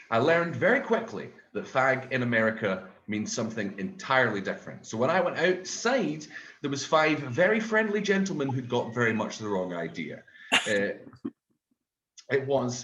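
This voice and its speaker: A Scottish man performing a stand-up comedy set, repeating his punchlines and jumping into high voices for the people he quotes. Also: fairly bright tone, roomy sound, muffled recording. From Scotland.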